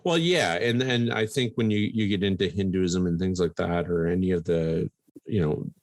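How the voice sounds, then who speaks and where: A man's voice: sits low, moderate pace, dry recording. A man co-hosting a podcast, chatting casually, swearing and laughing often. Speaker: podcast co-host. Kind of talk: casual chat.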